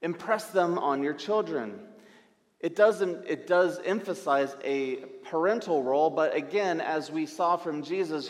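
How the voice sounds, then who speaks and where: Higher-voiced pastor preaching emphatically. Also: male voice, normal speed. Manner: emphatic, repeats phrases in lists. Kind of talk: sermon. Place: church sanctuary. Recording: long church-hall reverb.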